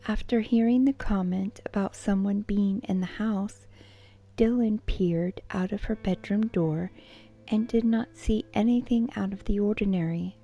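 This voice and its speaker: A woman whispering a true crime account as a soft-spoken ASMR narrator. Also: mid-range voice, muffled recording. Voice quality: unvoiced whisper. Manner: soft-spoken, measured storytelling.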